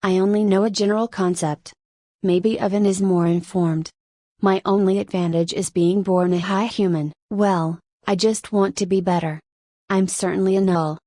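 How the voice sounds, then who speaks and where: A woman reading a light novel audiobook aloud, first-person narration delivered evenly. Her voice sits at a middle pitch, and the recording is dry and close. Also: fairly even intonation, moderate pace, dark tone, no echo.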